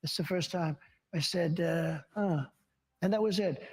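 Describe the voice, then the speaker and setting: An older man in his seventies answers questions at a town hall, his voice a little higher than most men's. He rambles from one story to the next and boasts along the way. A long reverb from a large hall trails after his words. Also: measured pace, a little mellow. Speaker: interview guest.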